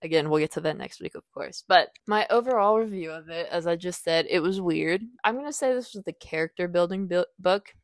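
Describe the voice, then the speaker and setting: A young woman hosting a podcast, chatting casually and with animation as she reviews a book, acting out characters' lines in quick bursts. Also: on the low side, no room sound.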